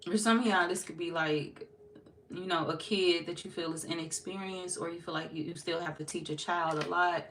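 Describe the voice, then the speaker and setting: A tarot reader gives her viewers a casual, chatty reading in a lowish, fairly bright voice with fairly even intonation and a moderate pace. She laughs often and drops into playful quoted voices, with a little hiss or hum on the recording.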